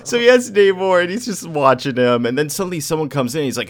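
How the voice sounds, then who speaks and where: A man's voice: fairly high pitch, animated, fast talker. A man casually recapping a comic book story for friends, acting out the characters' lines as he goes. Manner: recaps plot, acting out quoted lines with laughs.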